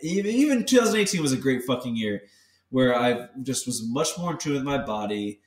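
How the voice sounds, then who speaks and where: A man co-hosting a podcast who talks candidly and swears freely. He acts out the voices in his head with lively energy. His voice sits a little back from the mic and carries a roomy echo. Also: medium pitch, fairly quick, distant mic. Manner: candid, profane, animated storytelling. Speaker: podcast co-host. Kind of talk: casual chat.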